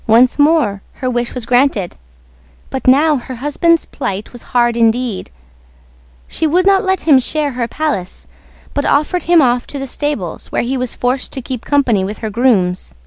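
Woman reading a fairy tale, slow and careful, fairly high voice, dry sound. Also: animated, darkish tone, no room sound. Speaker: story reader. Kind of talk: slow storybook narration on radio.

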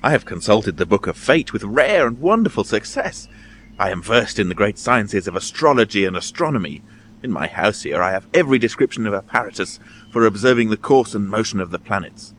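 An eccentric old stargazer in a storybook reading, as a man puts him on, hurried and eager in his declaiming. The voice sits a little low, with a faint hiss underneath. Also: animated, fairly bright tone.

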